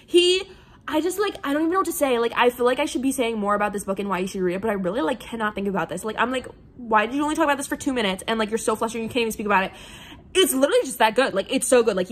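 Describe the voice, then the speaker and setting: A woman casually reviewing books in a vlog, gushing and excitable, with lots of "like" fillers. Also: a little high. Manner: gushing, excitable, heavy use of "like". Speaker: book reviewer.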